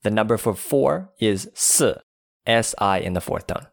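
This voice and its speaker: A man explains vocabulary in a plain, steady way, spelling out each word in turn. His voice is fairly low. The recording is dry and close, with almost no room sound. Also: unhurried, creaky, dry recording. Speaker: language lesson co-host. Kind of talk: spelling out words in a language lesson.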